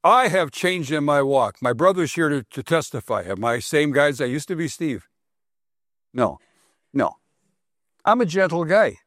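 A man's voice: fairly high pitch, lively intonation, moderate pace, fairly bright tone, dry recording. Man preaching a plain, dry-sounding sermon. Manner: repeats phrases for emphasis, asks the congregation questions. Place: congregation hall.

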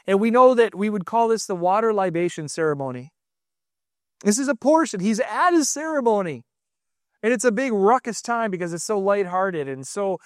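A middle-aged man delivers a sermon with animated energy, stumbling and repeating words as he teaches. His voice sits high for a man. The sound is dry and close, with no room echo. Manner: animated, restarts and repeats words, raises voice for quotes.

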